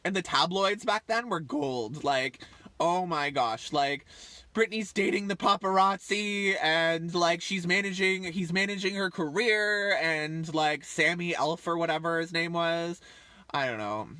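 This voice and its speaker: A man in his thirties chatting on a livestream in a loose, rambling way, drifting between thoughts with plenty of fillers. His voice sits a bit high and sounds bright and forceful. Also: a little slow, dry recording. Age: 30s. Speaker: livestream host. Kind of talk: casual rambling livestream chat.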